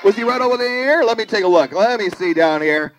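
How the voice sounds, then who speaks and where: A puppeteer voicing a zookeeper at a live children's puppet show, animated and calling on the kids to join in. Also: mid-range voice, fairly quick, some chatter behind, a little hiss or hum, rough recording. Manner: animated, calls on the audience to join in. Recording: live show with audience and music.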